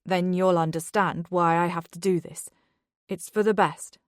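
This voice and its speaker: A woman's voice: on the low side, fairly even intonation, a little slow, dry recording, studio quality, close to an everyday voice. A woman voicing a guarded husband who speaks in a curt, spiteful way. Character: cold, guarded husband protecting his children.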